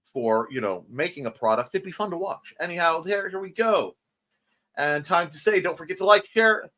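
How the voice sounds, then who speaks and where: A chatty male host runs a relaxed morning stream, reading comments aloud and tossing in quick asides. His voice sits a little high and swings up and down constantly. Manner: lively, chatty, quick asides and self-corrections. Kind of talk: casual livestream chat reading viewer comments.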